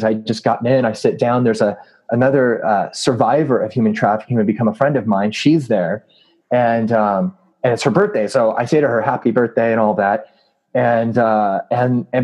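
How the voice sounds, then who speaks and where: A man's voice: medium pitch, a little mellow, low-quality recording. A man telling a story in a casual interview, earnest and full of fillers. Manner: earnest, with many fillers and laughs. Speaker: anti-trafficking activist and preacher.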